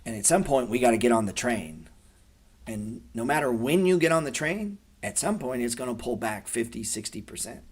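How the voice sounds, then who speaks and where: A man's voice: mid-range voice, animated, normal speed, breathy edge. A man in his forties hosting a trading show, talking casually to viewers and telling stories in a laid-back, swearing manner.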